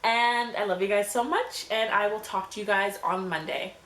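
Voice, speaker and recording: A young woman telling a story on her vlog in a scattered, animated way, filled with fillers and acted-out quotes. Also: mid-range voice, normal speed. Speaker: vlogger. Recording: echoey room with faint hum.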